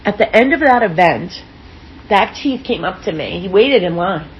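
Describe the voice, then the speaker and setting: A woman speaking as an interview guest, telling personal stories in a frank, expressive way with casual swearing. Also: mid-range voice, normal speed, dull audio, a little hiss or hum. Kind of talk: candid personal storytelling in an interview.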